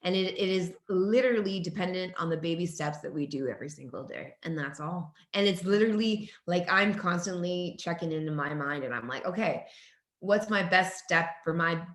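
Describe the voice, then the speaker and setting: A woman's voice: lowish voice, brisk, hardly any pauses. Talkative woman in her forties, echoey room. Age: 40s. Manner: enthusiastic, talkative, frequent restarts and laughs. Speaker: naturopathic doctor guest. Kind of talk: conversational interview.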